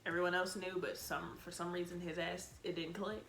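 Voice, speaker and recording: A vlogger tells a storytime in a lowish, slightly fast voice, with a little hiss or hum on the recording. She's blunt and exasperated, cussing freely and animatedly acting out what she said back then.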